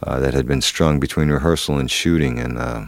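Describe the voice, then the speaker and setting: A man's voice: extremely low pitch, brisk, creaky, no echo. A man, an actor, telling a long story in an interview, rambling with many fillers and restarts. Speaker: actor guest.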